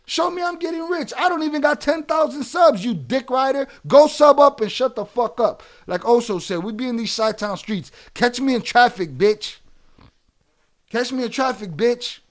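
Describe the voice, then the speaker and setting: Profane high-voiced streamer, ranting. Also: male voice, moderate pace. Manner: profane, heated, berating chat. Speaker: streamer reacting to chat. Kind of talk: angry livestream rant.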